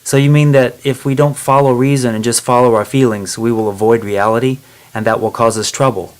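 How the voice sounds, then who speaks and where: A man's voice: mid-range voice, steady tone, brisk, a little mellow, natural voice, low-quality recording. Man reading curious young girl, lots of eager questions, storybook voice.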